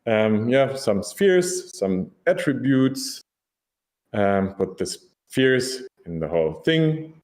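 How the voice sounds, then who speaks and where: A man's voice: mid-range voice, big pitch swings, slow pace, a little mellow. A man giving a casual, enthusiastic conference presentation, laid-back and full of ums.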